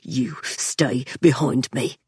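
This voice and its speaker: A woman voicing a stern, desperate young man leading a mine rescue, speaking low, clipped and strained. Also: fairly even intonation, moderate pace, darkish tone, breathy edge, no room sound, clean studio sound. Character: stern, desperate young male miner leader.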